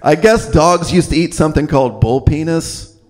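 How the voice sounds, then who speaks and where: A man doing a stand-up comedy set on a club stage, telling deadpan stories full of swearing and quick put-on voices. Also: a little high, faint music behind. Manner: deadpan storytelling, swears, acts out other voices. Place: comedy club stage before a live audience.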